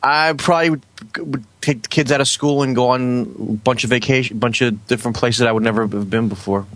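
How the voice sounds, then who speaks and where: A man co-hosting a podcast, answering in casual chat with short, laid-back, halting replies. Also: medium pitch, fairly even intonation, fairly bright tone, dry recording. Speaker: podcast co-host.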